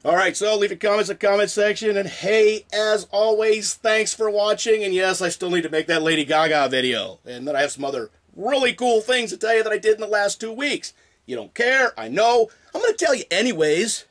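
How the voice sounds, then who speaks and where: A man hosting a casual spider vlog, talking in an excitable, rambling, jokey way. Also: high voice, brisk. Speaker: spider video creator.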